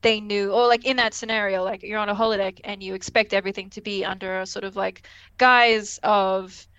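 A woman co-hosting a podcast, chatting casually with frequent giggles and quick acted quotes. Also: mid-range voice, fairly even intonation, fairly bright tone, clear, resonant tone, dry recording, lo-fi sound. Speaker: podcast co-host. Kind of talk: casual chat recapping a TV episode.

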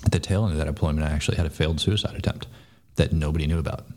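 A deep-voiced man talks fast and bluntly, swearing freely as he tells a long story. He is a former soldier speaking as a podcast guest, relaxed and conversational. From United States. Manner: blunt, profane, fast-talking. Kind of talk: casual storytelling.

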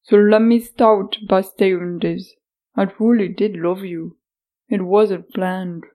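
A woman voicing a calm, earnest ex-boyfriend in an audiobook, speaking in a soothing, reasoning way. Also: mid-range voice, slow pace, lightly acted, poor audio. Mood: calm, pleading. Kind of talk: audiobook character voice.

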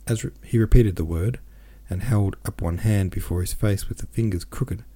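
A man reading a classic novel aloud as narrator in a measured, deliberate way. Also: on the low side, dark tone, breathy edge. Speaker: audiobook narrator, podcast host.

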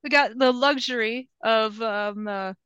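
A woman's voice: a little high, measured pace, fairly bright tone, clean tone, no room sound, lo-fi sound. A woman guest in a casual gaming chat, talking in a loose, filler-heavy way and laughing often. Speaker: podcast guest.

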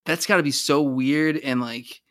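A man's voice: fairly high pitch, a bit bright, no echo. Male podcast co-host, dry close voice, stop-start analysis. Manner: halting, many "like"s and restarts, laughs easily. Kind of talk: casual TV recap chat.

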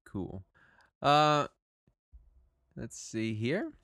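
A man narrating a tabletop game as its game master. He talks in a relaxed way, laughs easily and fills pauses with "uh." His pitch moves a lot, and the sound is dry and close. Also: no echo.

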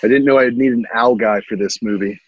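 A man's voice: medium pitch, steady tone, fairly quick, husky, no room sound, muffled recording. A man co-hosting a podcast, ranting in disbelief with casual swearing. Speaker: podcast co-host. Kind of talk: casual chat about a film.

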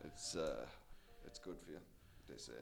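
A man's voice: rumbling low, moderate pace, gravelly, over music. A man who is a stand-up comedian, guesting on a podcast and chatting in an offhand, joking way. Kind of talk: casual podcast chat.

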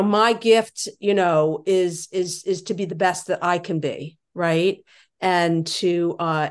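A woman giving a reflective, hesitant recovery share over a video call. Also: fairly low pitch. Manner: reflective, hesitant, many fillers. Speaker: meeting member sharing.

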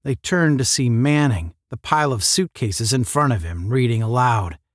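A man reading a 1950s space-adventure novel aloud as narrator, with measured storytelling. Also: medium pitch, animated, dry recording, studio quality.

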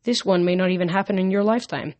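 A woman's voice: on the low side, quick pace, a little mellow, no room sound, close to an everyday voice. A woman reading a storybook aloud, voicing a breezy, boastful male sun god with an upbeat manner.

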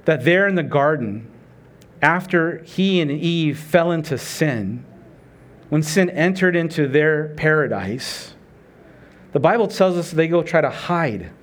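A man's voice: fairly high pitch, lively intonation, measured pace. A middle-aged man preaching a sermon in a conversational way, asking rhetorical questions and acting out prayers and dialogue. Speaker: pastor.

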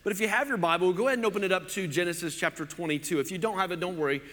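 A pastor from Oklahoma preaching a sermon in a chatty, joking way, full of casual fillers. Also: male voice, high voice, very fast, fairly bright tone, in a large hall. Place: church.

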